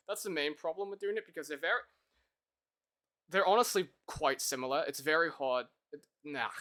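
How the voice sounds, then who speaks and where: A man with a bright, fairly high voice talks to his live-stream chat as he works through code. He thinks out loud and laughs often. He keeps it loose and pokes fun at himself. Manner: chatty, thinks aloud, self-deprecating, laughs easily. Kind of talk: casual live-stream chat while coding.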